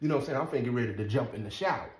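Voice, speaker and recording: A man telling a story in a casual, animated way, laughing often and asking "you know what I'm saying". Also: medium pitch, rapid-fire. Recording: roomy echo.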